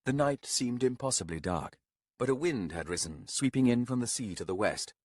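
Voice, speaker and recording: A man giving a measured, expressive audiobook narration on a close studio mic. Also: mid-range voice, no room sound. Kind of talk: scripted narration.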